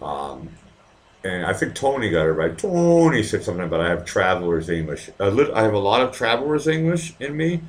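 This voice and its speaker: A man's voice: medium pitch, big pitch swings, fairly quick. A man with a light Boston accent hosting a casual live stream from his home, chatting with viewers in a rambling, profane way. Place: home in Vienna.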